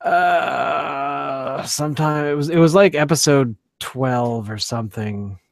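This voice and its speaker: A man's voice: mid-range voice, animated, normal speed, dry recording. A man co-hosting a casual beer podcast, rambling with many fillers and restarts. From Canada. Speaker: podcast co-host. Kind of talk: casual chat.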